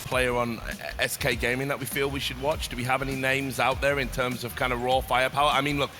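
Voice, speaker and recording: A man's voice: mid-range voice, little pitch movement, quick pace, background noise. A man casting a live esports tournament, bantering and laughing with his co-casters.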